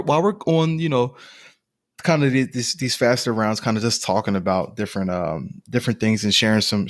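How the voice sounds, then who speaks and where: A man's voice: mid-range voice, dry recording, studio quality. A man in his twenties co-hosting a casual chat, enthusiastically recommending shows and books. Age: 20s. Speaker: podcast co-host.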